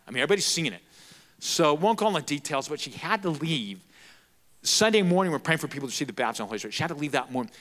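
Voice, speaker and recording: A man preaching a sermon, telling a story in an animated, emphatic way. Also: a little high.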